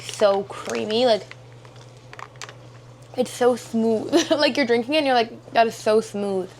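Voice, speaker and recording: A woman's voice: fairly high pitch, a little hiss or hum. A young woman chatting casually in a vlog, rambling and giggly, with lots of fillers. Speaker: vlogger.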